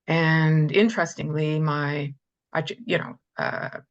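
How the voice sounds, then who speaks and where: A woman sharing in a group circle, grateful and halting, with many fillers. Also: deep voice, fairly even intonation, highs cut off. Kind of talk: personal share in a group circle.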